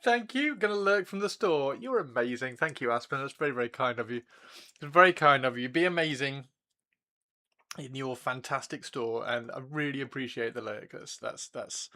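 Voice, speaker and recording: A man's voice: medium pitch, pushed and bright. A man hosting a casual hobby livestream, chatty and giggly, repeating his greetings and thoughts as he works. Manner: chatty, repeats himself, laughs often. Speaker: livestream host. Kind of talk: casual chat while building models.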